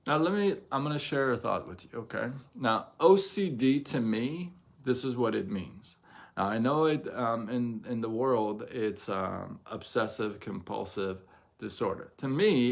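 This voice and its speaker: A middle-aged man hosting a casual livestream, talking in an animated way, often repeating himself and asking "right?". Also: on the low side, measured pace. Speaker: livestream host.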